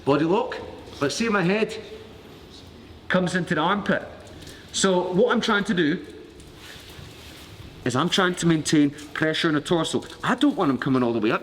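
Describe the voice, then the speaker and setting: Glaswegian guy teaching a grappling class, slightly high voice, cracks jokes and swears a lot. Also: animated, normal speed, long pauses, a bit bright, long reverb tail, slight background noise. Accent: Glaswegian Scottish. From Glasgow, Scotland. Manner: jokey, cheeky, swears freely. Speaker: martial arts instructor. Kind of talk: live class demonstration. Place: training mat with a class around him.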